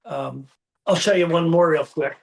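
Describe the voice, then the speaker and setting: A man with a fairly high voice telling stories in a relaxed interview. He acts out quoted dialogue with lively shifts and comes through on a phone or video call. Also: normal speed, creaky. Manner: animated storyteller acting out quoted dialogue. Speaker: guest artist. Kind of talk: casual interview storytelling.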